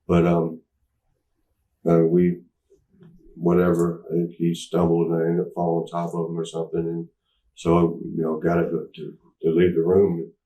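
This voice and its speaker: A low, dark-toned man in his forties tells a long story in an interview. He rambles, restarting and filling pauses as he goes. The room echoes around him and the mic sits a little away. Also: monotone. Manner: rambling, halting, with many restarts and fillers. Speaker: interview guest. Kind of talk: candid storytelling. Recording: roomy echo, mic at a distance.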